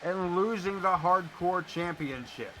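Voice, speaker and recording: A man's voice: high-pitched, measured pace, bright, forceful tone, a little hiss or hum. A man calling wrestling play-by-play live and breaking into blunt, profane, chatty stories. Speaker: wrestling commentator. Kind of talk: live play-by-play commentary mixed with casual chat.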